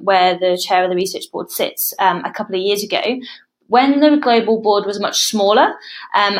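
Female researcher guest, British accent, mid pitch, thoughtful explanations. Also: rough recording. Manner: thoughtful, many "um" and "kind of". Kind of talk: explanatory interview answers.

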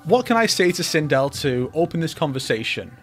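A man's voice: fairly high pitch, very animated, brisk, faint music behind. Wry, joking male YouTuber. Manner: wry, sarcastic, joking asides. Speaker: YouTuber host. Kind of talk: comedic commentary.

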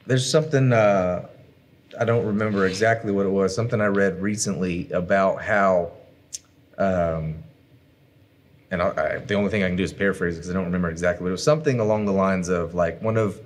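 A man co-hosting a casual church livestream, talking in a rambling, halting way. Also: deep voice. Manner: rambling, halting, many fillers. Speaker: co-host.

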